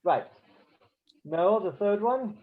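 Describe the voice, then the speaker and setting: Halting male teacher on a video call. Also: high-pitched, expressive. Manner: halting, many fillers and restarts. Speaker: Hebrew teacher. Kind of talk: online beginner class. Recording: dull lo-fi call audio.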